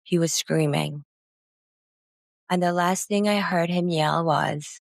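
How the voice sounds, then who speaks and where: A woman narrating a first-person memoir in a slow, somber reading. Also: fairly low pitch, creaky, no room sound, clean studio sound.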